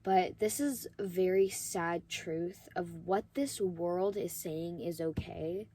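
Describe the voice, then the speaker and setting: A woman hosting her own vlog, talking to camera in an earnest, emotional way with halting pauses and a hoarse, sore throat. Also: lowish voice, dark tone. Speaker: vlog host.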